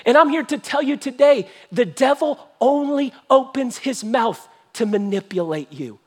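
A man preaching a sermon as pastor, telling a story in an animated, joking way. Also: very high voice, a little slow. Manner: animated, jokey storytelling with acted voices. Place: church.

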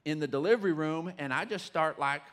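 Middle-aged male pastor, high voice, folksy animated sermon delivery with sudden whoops. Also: fairly quick, slight background noise. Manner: animated storytelling, bursts of whooping and shouting when excited; folksy, many fillers and restarts.

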